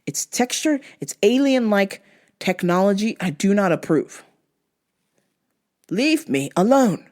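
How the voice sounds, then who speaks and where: On her own show, a female host rants casually through a story, blunt and profane. Her slightly mellow voice moves slowly with big pitch swings and long pauses.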